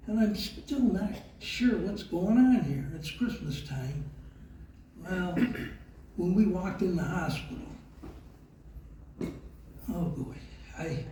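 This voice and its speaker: Older man giving a slow, heartfelt speech in an echoey hall. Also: high-pitched, animated, warm tone, recorded from a distance, a little hiss or hum. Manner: slow, halting, heartfelt, with many fillers. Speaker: award recipient giving a speech. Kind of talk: speech with a personal story. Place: large event hall.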